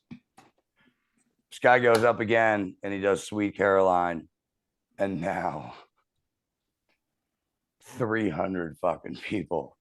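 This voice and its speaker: A man in his thirties telling a profane, animated story as a podcast host in casual chat. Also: low-pitched.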